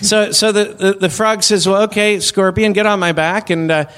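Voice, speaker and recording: A man hosting a comedy podcast, telling a rambling story in a halting way with many fillers. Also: high voice, steady tone, a bit bright, a little hiss or hum.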